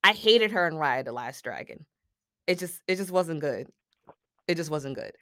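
A woman co-hosting a casual movie review podcast, animated and exclaiming, with slangy talk. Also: sits low, normal speed, no room sound, studio quality. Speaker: podcast co-host.

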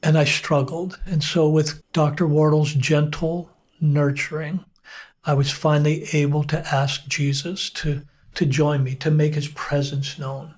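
A middle-aged male pastor telling his personal testimony as an interview guest, earnest and unhurried, with frequent pauses. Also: fairly high pitch, level tone, darkish tone.

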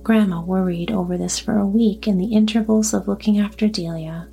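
A woman narrating a storybook in a calm, even way. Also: medium pitch, a little fast, creaky, soft background music. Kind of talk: storybook reading.

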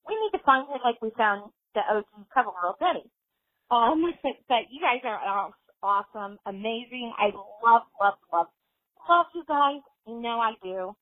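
A woman's voice: a little high, animated, moderate pace, no room sound, phone-quality sound. A woman leaving a bubbly, effusive voicemail message for podcast hosts. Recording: dry phone voicemail line.

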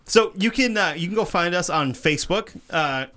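A man co-hosting a podcast, running through plugs and links in an upbeat casual way. His voice is bright and forward, a little high for a man. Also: animated, normal speed. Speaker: podcast co-host. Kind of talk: casual chat.

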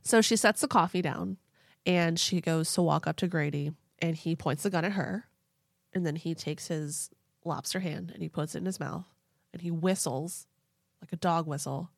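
Woman, casual storytelling chat, animated, gravelly, dry close sound. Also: fairly low pitch, normal speed, dry recording. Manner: chatty, animated, swears casually, puts on voices for people in the story. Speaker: podcast co-host telling a true story.

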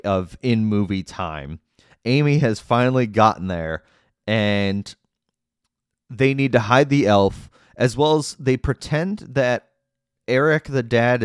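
A man's voice: on the low side, clean tone, dry recording, clean studio sound. A man recapping a movie in a casual, chatty way, skeptically picking at its plot holes. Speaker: movie reviewer.

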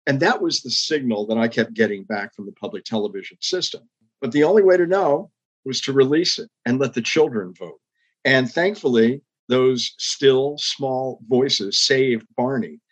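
A man's voice: medium pitch, lively intonation, normal speed, husky, rough recording. An older man, a former public television executive, telling stories in an interview with earnest, reflective emphasis. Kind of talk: storytelling interview.

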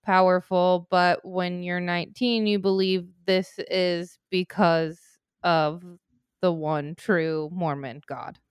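A woman podcast host speaks slowly in a clear, smooth voice. She sounds supportive and affirming, chatting casually. The recording is dry and close-miked. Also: on the low side, fairly even intonation, no echo. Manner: supportive listener with frequent affirmations. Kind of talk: casual interview chat.

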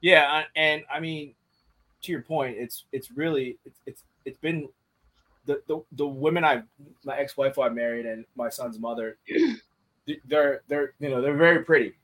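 A man in casual podcast conversation, speaking bluntly and profanely. He restarts and repeats words as he works through his thoughts, in an ordinary middle-pitched voice. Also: normal speed, a bit bright, poor audio. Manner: candid and profane, repeats words while thinking.

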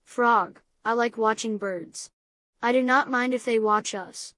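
A woman's voice: on the high side, fairly even intonation, measured pace, fairly bright tone, dry recording. Figure: a woman reading as Toad, a frustrated male toad. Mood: content. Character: earnest adult male toad, easily frustrated.

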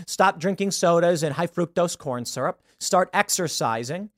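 A man's voice: sits high, animated, moderate pace, dry recording, clean studio sound. Emphatic man hosting solo commentary. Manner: emphatic, opinionated, rhetorical questions. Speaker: show host.

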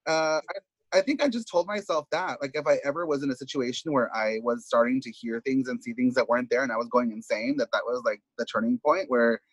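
A man's voice: medium pitch, a little fast, slightly rough, dry recording. A man who is a drag performer, the podcast's guest, telling his story candidly in casual talk that is full of swearing. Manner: casual, swears freely, acts out quotes of others.

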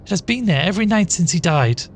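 A man voicing a shrill terrified woman. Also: brisk, a little mellow, slight background noise, natural voice. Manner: wailing, shrill with terror. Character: frightened shrill young woman, sister of the dead.

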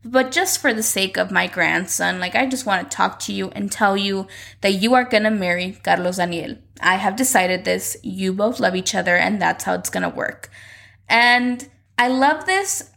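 A woman casually recapping a soap opera, animatedly acting out the characters' lines in quick voices. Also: medium pitch, creaky, fairly bright tone. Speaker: recap commentator.

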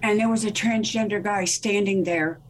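A woman's voice: mid-range voice, moderate pace, a little hiss or hum. A middle-aged woman sharing her testimony in a casual talk-show chat, telling stories with energy and acting out the voices of other people. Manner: animated storyteller who acts out the voices of others. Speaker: guest minister.

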